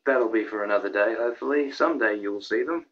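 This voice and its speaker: A young man rambling excitedly through a countdown of his own videos, with lots of restarts and fillers. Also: lowish voice, fast talker, lo-fi sound. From Australia. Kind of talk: casual vlog commentary.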